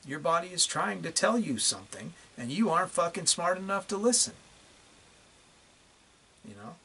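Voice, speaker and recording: A man's voice: fairly high pitch, animated, normal speed, pushed and bright, slightly rough. A man ranting bluntly to the camera in a profane, repetitive video monologue. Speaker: vlogger.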